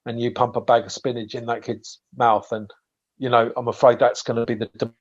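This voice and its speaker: A man's voice: medium pitch, flat delivery, brisk. A man from England, a guest on a podcast, chatting casually and telling anecdotes, full of swearing and restarts. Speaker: podcast guest, bait maker. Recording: dull lo-fi sound.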